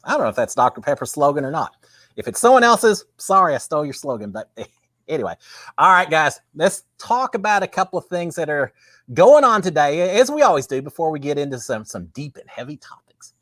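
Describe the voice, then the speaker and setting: Texan man host, folksy chatter, animated voice, dry close sound. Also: fairly high pitch, dry recording. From Texas. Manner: folksy, chatty, reads viewer comments aloud. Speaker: livestream host. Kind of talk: casual live-stream chat. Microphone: webcam with green screen.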